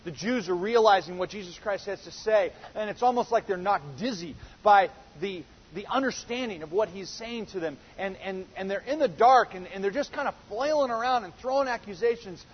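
Preacher, male, high husky voice, earnest and emphatic, dull lo-fi sound. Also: animated, a little fast. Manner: earnest, building to emphatic quoted exchanges. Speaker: pastor. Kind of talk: sermon.

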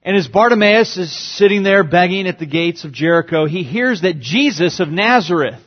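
High-pitched guy preaching a sermon, big swings up and down, kinda muffled lo-fi sound. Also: lively intonation, moderate pace. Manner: dynamic, acts out quoted lines with big pitch jumps. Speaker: pastor.

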